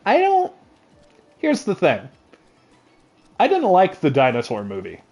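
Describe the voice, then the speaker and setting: A man chatting casually on a livestream, excitable and joking, rambling from thought to thought at a desk mic. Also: high voice, measured pace, soft background music. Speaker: streamer.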